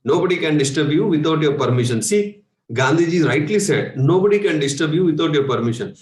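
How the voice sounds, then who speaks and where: A man's voice: a little high, animated, brisk, a little mellow. A man with an Indian English accent, giving a spiritual workshop talk as a meditation coach, speaking conversationally with rhetorical questions and chuckles. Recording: echoey room.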